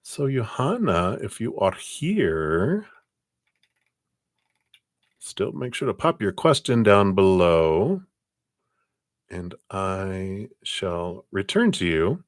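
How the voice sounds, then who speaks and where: A man's voice: low voice, very animated, slow pace, long pauses, dry recording, studio quality. A man doing live-stream card readings, talking in a rambling, reassuring way with lots of "you know". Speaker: card reader.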